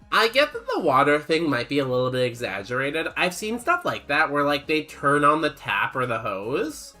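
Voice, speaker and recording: A man's voice: on the high side, sing-song, measured pace, sharp tone, soft background music. A young man streaming a game, chatting casually and rambling as he reads chat aloud in a laid-back way.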